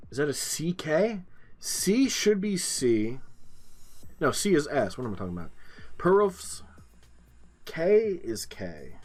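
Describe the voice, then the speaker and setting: A man giving casual game commentary, thinking aloud as he works through clues, muttering and swearing now and then. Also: a little high. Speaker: gaming streamer.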